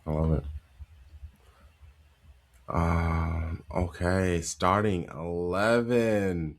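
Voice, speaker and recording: A low-voiced man hosts a football podcast in a relaxed, chatty style. He laughs easily and talks in loose, meandering sentences full of fillers. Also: very slow. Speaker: podcast host. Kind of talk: casual football chat.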